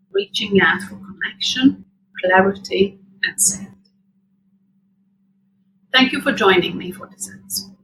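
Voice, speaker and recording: A woman hosting a parenting show, giving scripted advice in a calm, measured, reassuring way. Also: on the high side, gravelly, slight background noise, low-quality recording. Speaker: podcast host.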